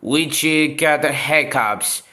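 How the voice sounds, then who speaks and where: A man voicing several toy characters in a homemade play video, talking in a slow, halting way. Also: a little high, sharp tone. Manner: slow, halting, shifts between character voices.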